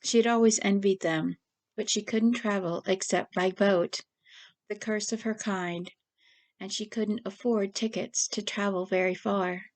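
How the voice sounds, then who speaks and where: A woman author reading her short story aloud at a steady, even pace. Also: medium pitch, unhurried. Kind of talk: story narration.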